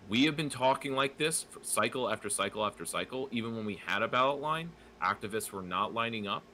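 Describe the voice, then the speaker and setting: A man with a low, bright, forceful voice chats casually on a podcast. He hesitates often, piling up fillers and restarts. A faint hiss sits under the recording. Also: low-quality recording. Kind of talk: casual political podcast chat.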